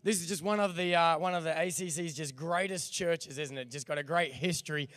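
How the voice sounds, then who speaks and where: Young Australian male guest preacher, hoarse but energetic, fairly high clear voice. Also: brisk, no echo, studio quality. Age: young adult. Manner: energetic, jokey, calls out to the crowd. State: hoarse, voice nearly lost. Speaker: guest pastor. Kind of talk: church sermon.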